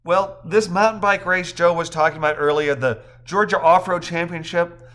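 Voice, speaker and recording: A man reading the part of a chatty young wife, telling a story with brisk amusement. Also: high voice, a bit bright, pitched above the performer's own voice. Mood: amused.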